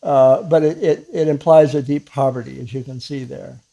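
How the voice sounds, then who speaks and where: A man giving a casual spiritual talk to camera as a Christian teacher, halting with many fillers and restarts and soft chuckles. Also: medium pitch, steady tone, gravelly, dull audio.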